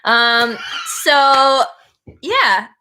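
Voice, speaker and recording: Woman, casual livestream chat, storytelling, giggly, high-ish bright voice. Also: animated, extremely slow, slight background noise. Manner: chatty and giggly, tells stories with lots of fillers. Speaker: band singer hosting a birthday livestream.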